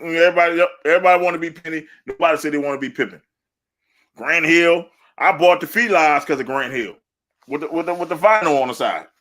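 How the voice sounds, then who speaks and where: A man co-hosting a sports podcast, talking in animated, laughing banter and trash talk. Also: fairly high pitch, quick pace. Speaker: podcast co-host.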